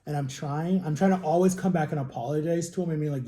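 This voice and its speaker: Man, 30s, confessional vlog, emotional, repetitive emphasis, fairly high pitch, very warm tone. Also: steady tone, fast. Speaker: vlogger.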